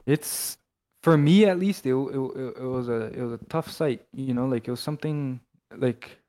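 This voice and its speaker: Young Canadian man, mid-pitched, loose and rambling podcast co-host, swears casually. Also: normal speed, warm tone. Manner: rambling, loose, swears a lot, many restarts. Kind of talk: casual chat.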